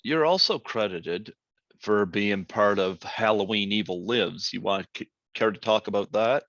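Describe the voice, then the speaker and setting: Host: man, low gravelly voice, relaxed joking manner, dull lo-fi recording. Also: measured pace, no room sound. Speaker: podcast host. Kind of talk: casual interview chat. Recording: dull lo-fi sound.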